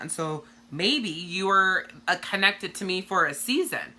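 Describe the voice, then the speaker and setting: A woman's voice: mid-range voice, lively intonation, unhurried, hardly any pauses, pushed and bright. A woman coach talking bluntly and profanely in a casual live-stream monologue to her viewers. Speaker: direct sales coach.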